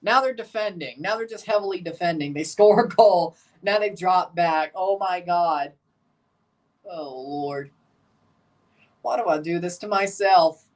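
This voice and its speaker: Woman host, lowish voice, opinionated running match reactions, mic set back a bit. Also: unhurried, long pauses, distant mic. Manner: chatty, opinionated, reacts aloud to plays and rants. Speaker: livestream host. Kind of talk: live watchalong reaction commentary.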